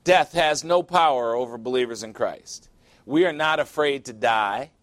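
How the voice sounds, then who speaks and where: A male pastor preaching a sermon, emphatic and deliberate, repeating phrases for effect. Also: medium pitch, a bit bright, no echo.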